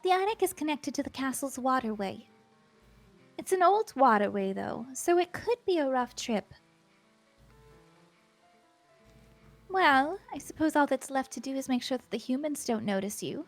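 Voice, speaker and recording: A woman's voice: high voice, expressive, moderate pace, soft background music. A woman voicing a prissy, haughty female house cat in a video game, with a prim, condescending manner. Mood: bossy.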